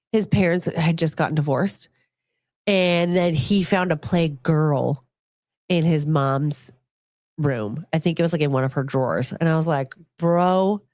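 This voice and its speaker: A woman hosting a podcast, telling crude childhood stories in a joking way and reading chat comments. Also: dry recording. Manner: chatty, crude and joking, swings pitch a lot in quoted voices. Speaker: podcast host.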